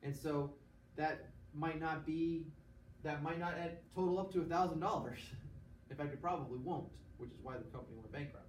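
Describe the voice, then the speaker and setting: A man lecturing a class, his voice sitting a touch higher than most men's. He explains patiently, stops often to check that students follow, and acts out quick examples. He is recorded from across an echoey classroom, with a faint hiss underneath. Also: distant mic. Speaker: teacher.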